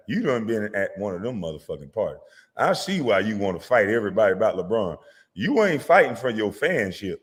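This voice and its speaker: A man delivering a profane, mocking comedic rant as a vlogger, sometimes breaking into shouts. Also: lowish voice, long reverb tail. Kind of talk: comedic rant reacting to sports media.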